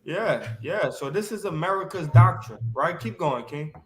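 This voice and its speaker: Brief: high-pitched male Bible talk host, slangy and lively, echoey room with faint hiss. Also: moderate pace. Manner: slangy and animated, keeps asking "right?". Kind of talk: casual religious discussion.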